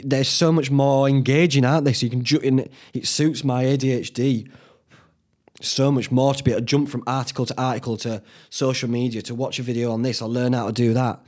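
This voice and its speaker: A man's voice: medium pitch, steady tone, a little fast, a little mellow. A young man, hosting a casual solo podcast from home, rambling and swearing freely. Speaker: podcast host. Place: indoors at home.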